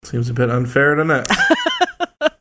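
A man's voice: on the high side, wildly swooping pitch, slow pace, pushed and bright. Sarcastic guy cohosting a tv podcast, dry jokes, faint hiss behind. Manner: wry, sarcastic, laughing. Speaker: podcast co-host. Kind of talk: casual chat.

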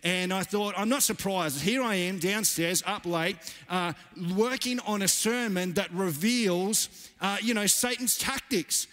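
A man's voice: sits high, unhurried, fairly bright tone. A man in his thirties preaching a sermon as pastor, earnest and emphatic, repeating key phrases. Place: church. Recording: church hall reverb.

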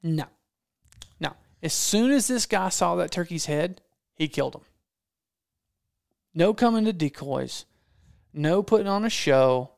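A man's voice: fairly high pitch, expressive, unhurried, gravelly, pauses often, no room sound, clean studio sound. A man telling a hunting story in casual talk, acting out quotes and repeating phrases for effect. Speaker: podcast guest storyteller, hunting videographer.

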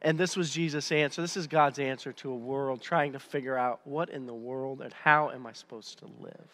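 A man preaching a sermon as pastor, conversational and animated, often restarting his sentences. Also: mid-range voice, long reverb tail.

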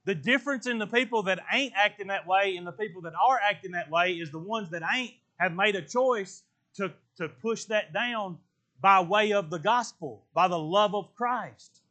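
A man preaching a sermon in colloquial speech, swinging from loud exclamations to hushed, earnest talk. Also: high voice, normal speed.

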